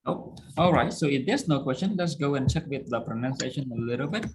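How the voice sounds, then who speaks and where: The voice is a man teaching English over a video call, with a Cambodian accent and a mid-range pitch. He explains words patiently and drills stress and pronunciation. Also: animated, a little fast, background noise. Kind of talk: online English lesson.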